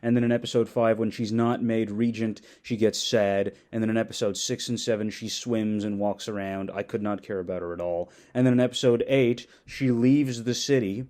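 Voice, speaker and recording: A man's voice: fairly low pitch, steady tone, moderate pace, hardly any pauses, darkish tone. A man ranting sarcastically in a commentary video, mocking and exasperated, with frequent swearing.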